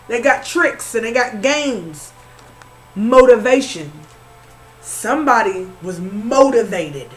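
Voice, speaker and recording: High-pitched woman doing a spiritual reading, repeats herself for emphasis, faint music behind. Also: lively intonation, takes it slowly, rough recording. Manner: conversational, repetitive, emphatic. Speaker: spiritual reader.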